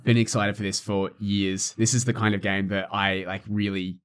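Young aussie dude co-hosting a podcast, lowish voice, ranting, says like a lot. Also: male voice, little pitch movement, moderate pace, a bit bright, smooth. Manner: exasperated ranting, lots of likes. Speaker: podcast co-host. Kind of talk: casual chat.

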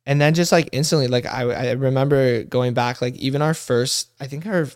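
A man's voice: mid-range voice, brisk, clear, resonant tone, no echo, studio quality. A young man in his twenties co-hosting a couple's podcast, speaking earnestly in a rambling, casual way. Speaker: podcast co-host.

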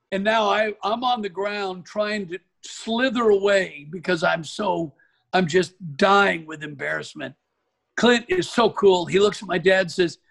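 An older man from Oregon, a golf pro guest telling an animated anecdote in an interview. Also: high-pitched, unhurried, gravelly. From Oregon, USA. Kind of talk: storytelling in an interview.

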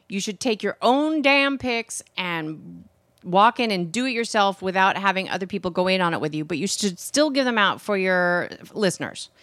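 A woman's voice: mid-range voice, fairly bright tone, dry recording. A woman co-hosting a talk radio show, chatty and playful, laughing easily. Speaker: radio co-host. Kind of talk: casual talk radio banter.

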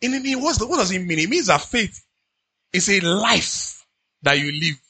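Man, Nigerian accent, pastor preaching, bouncy lively pitch, dry close sound. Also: moderate pace, breathy edge, no echo. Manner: animated conversational preaching with pidgin asides. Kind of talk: sermon.

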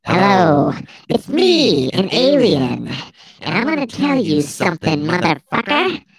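A woman voicing a crude, lewd male alien in a lowered, drawn-out voice. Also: very animated, husky, full character voice.

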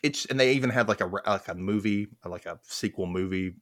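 A man's voice: on the low side, brisk, a bit bright, no room sound, clean studio sound. A man with a Southern American accent from Mississippi, hosting a casual podcast, rambling and laughing at his own jokes. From United States. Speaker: podcast host.

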